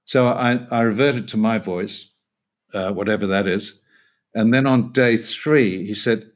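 A man's voice: fairly low pitch, unhurried. An older male actor telling rambling, self-deprecating stories as an interview guest, laughing often. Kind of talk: casual interview anecdote.

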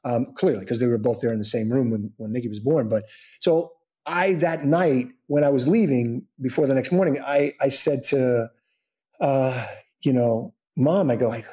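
Middle-aged male guest, mid-range voice; animated anecdote, imitates quoted people, lots of restarts. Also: medium pitch, normal speed. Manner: many fillers and restarts. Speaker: guest actor. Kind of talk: casual anecdote in a podcast interview.

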